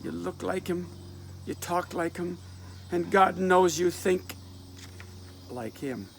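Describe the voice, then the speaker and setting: An anxious, scolding young woman, as a man reads her lines aloud. The voice lifts high above his usual tone, pleading and warning in rural dialect. A gravelly edge and unhurried delivery carry through from the reader. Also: a little hiss or hum. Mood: urgent, scolding. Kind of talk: dramatic reading of a play.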